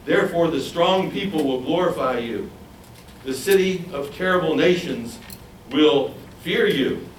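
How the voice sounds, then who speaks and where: In a voice on the high side, a man gives an animated sermon, posing questions to the crowd and imitating others' voices. The audio has a little hiss or hum and sounds roomy and distant, with faint ambience.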